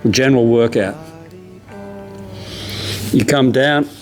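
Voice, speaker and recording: Australian man, yoga teacher, steady spoken cues, mid-pitched voice, faint music behind. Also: slow pace. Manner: calm, steady step-by-step cues, casual asides. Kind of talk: guided yoga class instruction. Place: yoga studio.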